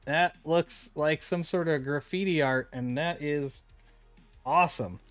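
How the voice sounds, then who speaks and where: A man's voice: on the high side, measured pace, fairly bright tone, dry recording, faint music behind. A man streaming live, opening card packs and chatting casually with his viewers. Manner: chatty, reads card names aloud, talks to chat.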